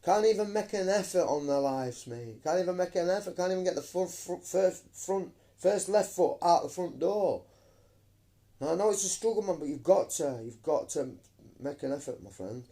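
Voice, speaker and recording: A man's voice: high-pitched, lively intonation, normal speed, dark tone. A man, ranting emphatically into his phone camera on a live stream, swearing and calling listeners mate. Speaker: vlogger.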